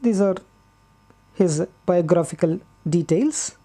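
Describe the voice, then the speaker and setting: Patient woman teacher, unhurried, low and mellow, repeats herself for clarity. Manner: patient and deliberate, repeats key words, frequent "uh" pauses. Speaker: English teacher. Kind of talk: slow classroom explanation.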